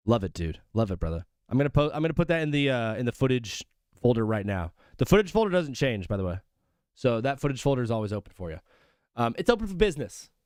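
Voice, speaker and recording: Smooth-voiced young man rambling on stream. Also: mid-range voice, sing-song, fast talker, a little mellow, dry recording, studio quality. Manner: rambling, jokey, calls viewers brother. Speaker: sports streamer host. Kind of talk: casual live-stream chat.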